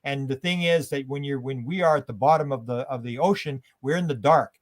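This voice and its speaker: Fast-talking, rambling man. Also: mid-range voice. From Canada. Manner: rambling, animated, acts out quotes. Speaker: guest. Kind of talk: interview.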